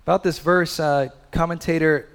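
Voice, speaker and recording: A man's voice: on the high side, steady tone, moderate pace, fairly bright tone, smooth, in a large hall. A man in his thirties preaching a sermon in a conversational way, full of rhetorical questions. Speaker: pastor.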